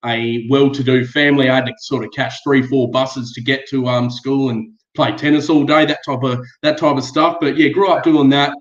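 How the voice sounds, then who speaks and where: A man's voice: medium pitch, fairly even intonation, moderate pace, few pauses, echoey room, highs cut off. A man from Perth with a West Australian accent, a laid-back bricklayer guest who laughs easily. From Perth, Western Australia. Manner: laid-back, laughs often, swears mildly. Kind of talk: casual chat.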